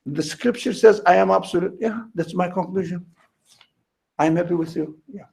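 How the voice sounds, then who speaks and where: A man teaching a class on religion, speaking slowly and emphatically and repeating his key words. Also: high-pitched, vocal fry, dark tone. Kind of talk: lecture to a class.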